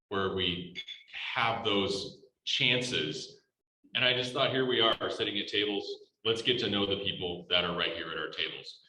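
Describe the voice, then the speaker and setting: Man, upbeat informal meeting host, low forceful voice, echoey banquet room. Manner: upbeat, informal, loose and meandering. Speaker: meeting leader. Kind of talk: casual speech hosting a meeting.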